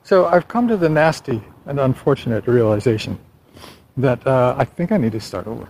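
A vlogger and novelist talks through his writing plans on a casual walking vlog, rambling and correcting himself in a wry tone. His mid-range voice is a little mellow with lively intonation at a moderate pace, on a low-quality recording with slight background noise.

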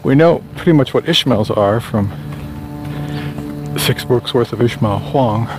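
A man's voice: medium pitch, animated, unhurried, music in the background. A man, a novelist, rambling casually while walking along a town street. He wanders between thoughts, corrects himself often and makes dry asides. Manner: meandering, self-correcting, wry. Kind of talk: casual rambling monologue on a walk. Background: faint traffic.

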